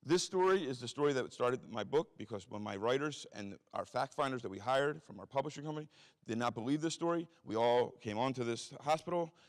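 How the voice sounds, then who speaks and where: A man's voice: mid-range voice, expressive, brisk. A man telling a story from his own life in a blunt, profane, self-mocking way. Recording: reverberant hall.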